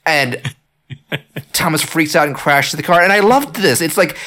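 Animated man retelling a movie plot. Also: on the high side, brisk. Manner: animated, lots of fillers and restarts, acts out quotes. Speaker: podcast co-host. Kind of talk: casual movie discussion.

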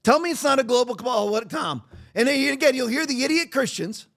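A man's voice: extremely high pitch, expressive, brisk, fairly bright tone. A man hosting a podcast, delivering a combative, mocking monologue that rambles with frequent restarts. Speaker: podcast host.

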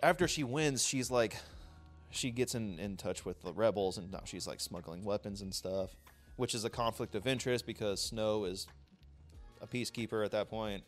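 A man co-hosting a casual podcast chat, ranting in an animated, profane way. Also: lowish voice, normal speed, faint music behind. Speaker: podcast co-host.

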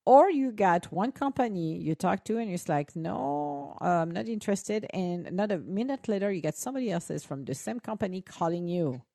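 A woman's voice: fairly low pitch, animated, a little fast, few pauses, warm tone, no echo, studio quality. A woman co-hosting a show, chatting casually and animatedly to her listeners with frequent exclamations and laughter. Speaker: co-host.

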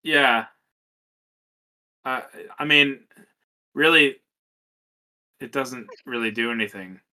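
A man in casual podcast chat, chiming in with short, halting remarks. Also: mid-range voice, pushed and bright.

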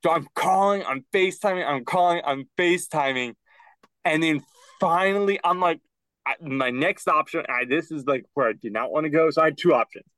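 A young man co-hosting a podcast, telling a casual story and acting out quotes with rising pitch. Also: fairly quick, a bit bright, dry recording. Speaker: podcast co-host. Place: closet at home.

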